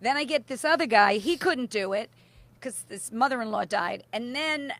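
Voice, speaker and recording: Brief: middle-aged woman co-host, lively storyteller, fairly high voice, quotes people in their voices. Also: moderate pace, no room sound. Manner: animated, acts out quoted voices, laughs often. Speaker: podcast co-host. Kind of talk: casual chat, storytelling.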